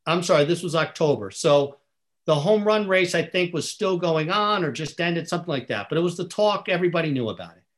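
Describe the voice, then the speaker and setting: Earnest, animated storytelling man. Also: on the high side, fairly quick. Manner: earnest, animated storyteller who acts out dialogue. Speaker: guest. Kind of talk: storytelling in a podcast conversation.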